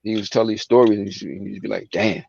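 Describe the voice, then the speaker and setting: A man's voice: on the low side, fairly even intonation, fast talker, gravelly, a little mellow, dull audio, slight background noise. A man in casual livestream chat, telling loose stories full of slang and acting out quoted voices, talking over a phone. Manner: loose storytelling, acts out quotes, heavy slang. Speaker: guest, son of the movie's real subject. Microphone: phone over online stream.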